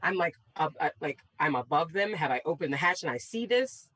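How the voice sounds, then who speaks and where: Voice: medium pitch, expressive, a little fast, bright, forceful tone, husky, low-quality recording. Hesitant player in a tabletop game. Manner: hesitant, with fillers and restarts.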